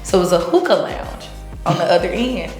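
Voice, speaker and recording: Animated woman telling her story. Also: on the low side, brisk, reverberant, soft background music. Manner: animated, acts out quotes, laughs often. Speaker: interview guest. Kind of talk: casual storytelling.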